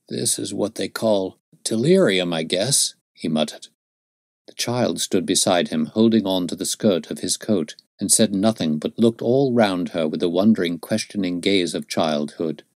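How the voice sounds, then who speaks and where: A man narrating a classic novel as an audiobook, in steady, measured storytelling. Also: low-pitched, no echo, clean studio sound.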